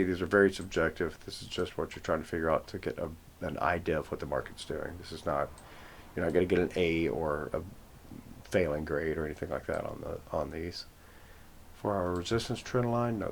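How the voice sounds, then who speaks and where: A man with a low, gravelly voice talks his way through trading charts, rambling, correcting himself as he goes and tossing in jokes. A faint hiss sits under the recording. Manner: rambling, self-correcting, joking asides. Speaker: forex trading channel host. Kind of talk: casual screen-share chart walkthrough.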